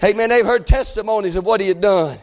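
A man preaching a fervent revival sermon, often shouting and drawing out his phrases. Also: high voice, fast.

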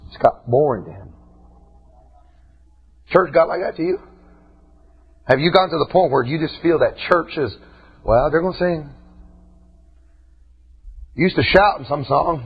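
A man preaching a fiery sermon in a folksy way, dropping to quiet talk and rising to shouts. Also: medium pitch. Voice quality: husky. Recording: dull lo-fi church recording.

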